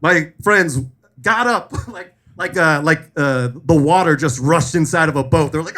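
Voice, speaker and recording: A man's voice: fairly high pitch, a little slow, sharp tone. Man, comedy show host, live venue, joking, swearing, laughing. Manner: loose, joking, swearing, laughing at own stories.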